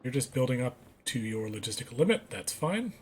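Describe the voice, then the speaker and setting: A man's voice: mid-range voice, big pitch swings, fairly quick, soft background music. A man doing casual gameplay commentary, reading on-screen text aloud and correcting himself as he goes. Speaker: let's play gamer.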